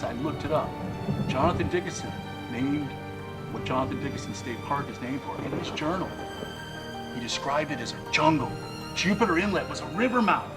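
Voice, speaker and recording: A middle-aged man telling a spooky tale in dramatic campfire style, dropping to a hush and then swelling loud. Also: a little high, rough recording. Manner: dramatic, swings between hushed and loud. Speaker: storyteller. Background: music.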